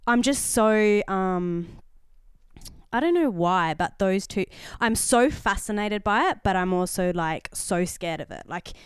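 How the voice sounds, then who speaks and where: A woman's voice: medium pitch, measured pace, smooth, no room sound, studio quality. A young Australian woman co-hosting a podcast, chatting casually and telling stories full of "like" and "um". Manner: chatty, animated storytelling with acted-out quotes; frequent "like" and "um" fillers. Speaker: podcast co-host. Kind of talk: casual chat.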